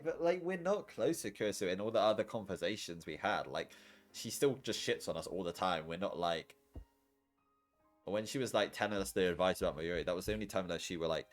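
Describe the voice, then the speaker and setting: A man streaming, chatting casually and rambling between lines of a game he reads aloud. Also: low-pitched. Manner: rambling, lots of "like", laughs easily. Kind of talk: casual commentary while reading a game.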